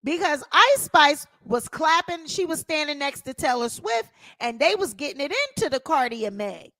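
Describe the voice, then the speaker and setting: A woman's voice: sits high, lively intonation, normal speed, sharp tone, no echo. A woman hosting her own channel, giving sassy, opinionated celebrity gossip commentary and calling her viewers honey.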